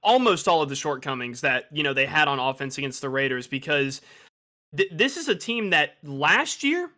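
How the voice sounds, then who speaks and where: A man's voice: a little high, very animated, moderate pace, sharp tone. A young man co-hosting a casual sports podcast, stammering and restarting his sentences, full of fillers. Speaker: podcast co-host.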